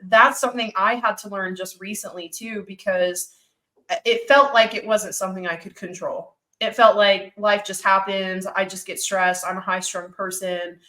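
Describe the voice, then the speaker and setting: A woman's voice: mid-range voice, steady tone, normal speed, bright, forceful tone. A woman hosting a podcast who also coaches clients, talking frankly and emphatically with lots of "like". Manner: emphatic, frank, uses many "like"s. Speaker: podcast host; fitness coach. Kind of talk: casual podcast conversation.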